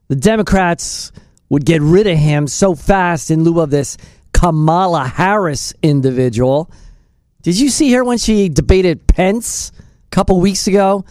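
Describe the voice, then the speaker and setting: Talk radio host going off, slow and mocking, dry studio sound. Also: mid-range voice, a little mellow, no room sound. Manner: mocking, scornful, breaks into mimicking voices. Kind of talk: political talk radio commentary.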